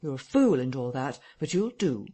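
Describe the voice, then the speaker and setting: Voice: medium pitch, big pitch swings, moderate pace, mellow. A reader voicing an invisible man who speaks in curt, cold threats. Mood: threatening. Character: invisible man, menacing and impatient.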